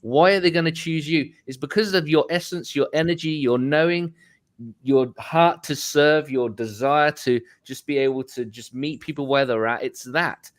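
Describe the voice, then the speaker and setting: A man's voice: a little high, moderate pace. A man speaking earnestly and reflectively as a guest coach in an online talk. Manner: earnest, motivational.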